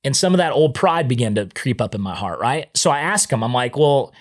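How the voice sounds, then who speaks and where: This podcast guest talks briskly at a medium pitch about his own experiences. His casual, animated storytelling often includes acting out lines he once spoke.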